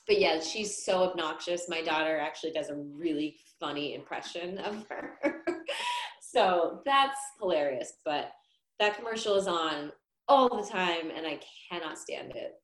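A chatty woman with a lowish voice that rises and falls animatedly, laughing often through a casual podcast chat. Her voice sounds roomy, with noticeable echo. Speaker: podcast guest.

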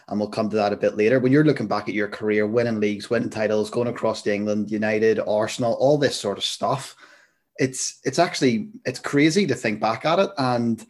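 A man hosting a podcast, asking reflective questions in a casual chatty way. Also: on the low side. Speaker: podcast host.

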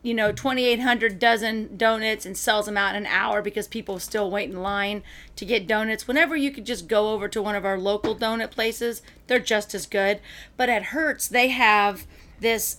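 A woman co-host chatting casually and telling a lively story, acting out what people said. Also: a little high, normal speed. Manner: chatty, animated storyteller who acts out quotes.

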